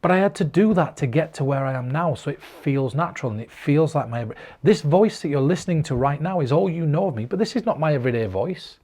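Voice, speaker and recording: Earnest, fairly high-voiced man from northern England. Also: animated, fast, few pauses, dark tone. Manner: earnest, direct and encouraging, addresses the viewer. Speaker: mentalist giving performance advice. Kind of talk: to-camera advice vlog. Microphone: camera recording himself.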